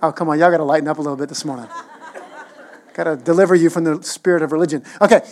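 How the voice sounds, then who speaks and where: A man in his thirties preaching a sermon as a pastor, conversational and animated, with playful asides. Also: fairly high pitch, quick pace.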